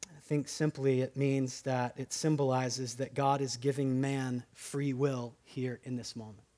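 A man's voice: medium pitch, flat delivery, a little slow, warm tone. A man preaching a sermon in a conversational way, asking the room "right?" and acting out quoted voices. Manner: acts out quoted voices for humor. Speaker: pastor.

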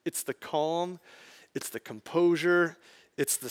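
A man's voice: a little high, slow pace. A man, a pastor, preaching a conversational sermon to his congregation, often adding "like" and building emphasis.

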